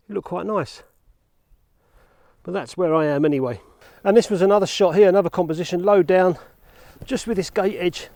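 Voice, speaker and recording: A man's voice: high-pitched, warm tone, no echo. A man vlogging casually outdoors in fields about film photography, chatty and self-deprecating, out of breath from cycling. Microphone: action camera.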